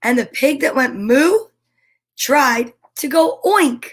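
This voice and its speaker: A woman reads a children's picture book aloud, slow and unhurried. Her voice sits high, and she plays the story out with animal noises.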